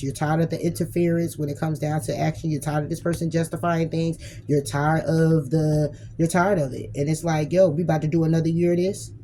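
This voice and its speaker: Mellow-voiced woman giving blunt tarot reading. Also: sits low, a little hiss or hum, low-quality recording. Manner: blunt, casual, swears freely; acts out imagined arguments. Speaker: tarot reader.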